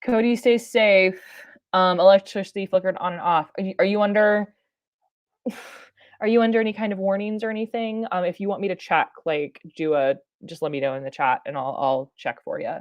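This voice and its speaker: A woman's voice: medium pitch, fairly even intonation, a little fast, no room sound, muffled recording. A woman chatting through a live-stream reaction, rambling with lots of fillers, restarts and laughs. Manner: rambling, many fillers and self-interruptions. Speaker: science streamer.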